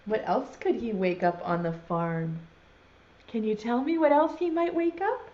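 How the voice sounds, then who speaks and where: A woman teaching a virtual preschool lesson, talking slowly and in an exaggerated, sing-song way to small children and signing words as she goes. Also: fairly high pitch, a little mellow. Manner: uses sign language alongside speech. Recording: dull lo-fi sound.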